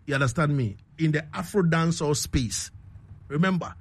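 A man's voice: a little high, normal speed, slightly rough. A man with a Ghanaian accent hosting a casual radio show, reading out listener messages and laughing often. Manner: animated, laughs often, repeats "you understand me".

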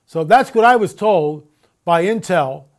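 A man's voice: high voice, expressive, a little slow. A man hosting a radio talk show, speaking emphatically with repetitions and rhetorical questions. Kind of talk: casual monologue on air.

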